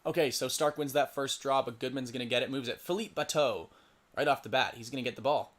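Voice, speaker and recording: A man's voice: medium pitch, fast talker, fairly bright tone. Young man calling a simulated lacrosse game. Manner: stumbles over player names and mutters asides. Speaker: play-by-play commentator for a simulated lacrosse league. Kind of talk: casual solo game commentary.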